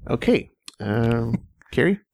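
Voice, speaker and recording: A man hosting a casual trivia game among friends. He reads the clues slowly and laughs often. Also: medium pitch, sing-song, gravelly, darkish tone. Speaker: quiz host.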